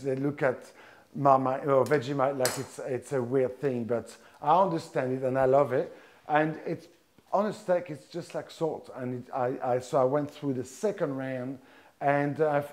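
With a medium-pitched, slightly mellow voice, a middle-aged Frenchman leads a live cooking demo, chatting away to the audience. He walks through each stage methodically, yet keeps stopping to begin his sentences again.

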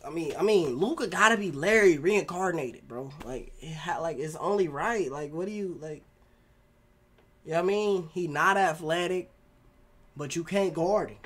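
A man hosting a basketball reaction video, excitable and full of slang, always asking if you know what he means. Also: fairly high pitch, moderate pace. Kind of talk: casual reaction commentary.

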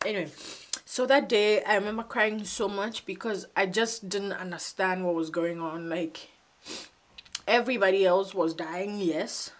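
Tearful woman in her twenties. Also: medium pitch. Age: 20s. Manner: halting, emotional, fighting back tears. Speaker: vlogger. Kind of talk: personal storytime vlog. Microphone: phone camera.

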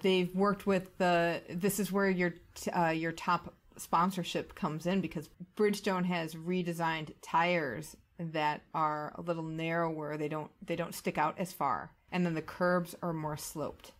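A woman's voice: on the low side, level tone, a little slow, hardly any pauses. A woman co-hosting a podcast, reading news items and chatting casually with frequent laughs. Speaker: podcast co-host. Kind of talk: casual chat, news rundown.

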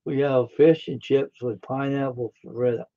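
A man's voice: mid-range voice, fairly even intonation, unhurried, warm tone. A man hosting a live stream, chatting casually with viewers in a rambling, friendly way full of fillers and repeats. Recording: dull lo-fi stream audio.

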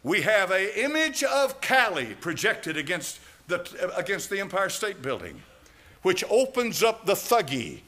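A man preaching a sermon as pastor, fiery and dramatic, swinging between loud cries and low asides, with chuckles along the way. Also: wildly swooping pitch, moderate pace.

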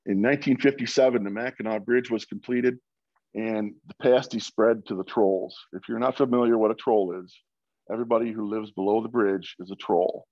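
A man's voice: lowish voice, fairly even intonation, normal speed, no room sound, highs cut off. A man from Michigan giving an informal presentation over a video call, with many fillers and restarts. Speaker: guest speaker.

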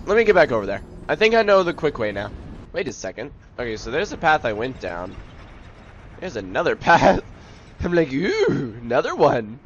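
A man's voice: mid-range voice, a bit bright, muffled recording, a little hiss or hum. A young man giving live commentary on a video game, exclaiming and joking about his own failures. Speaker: video game let's player.

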